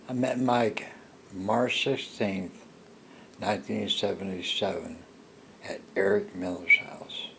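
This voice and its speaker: Older man telling his own story, gravelly low voice, slow and halting, bit of hiss behind. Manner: halting, with restarts and soft laughs. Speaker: storyteller recounting a personal encounter. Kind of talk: slow rambling personal monologue.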